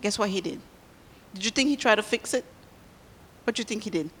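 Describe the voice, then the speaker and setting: Animated woman telling children a sermon story. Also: medium pitch, a little fast, husky, big-room sound. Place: church.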